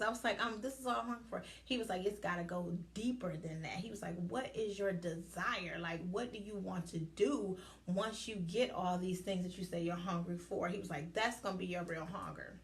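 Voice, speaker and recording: A woman hosting her own podcast, telling a story in a casual, animated way and acting out both sides of a conversation. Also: mid-range voice, normal speed. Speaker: podcast host.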